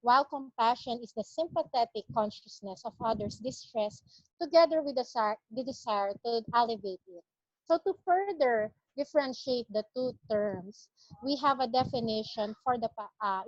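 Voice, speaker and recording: Woman doctor giving a lecture, earnest and explaining things carefully, pitch a bit high, dull dry audio. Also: expressive, normal speed, no room sound. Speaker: palliative care consultant lecturing. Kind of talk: medical lecture.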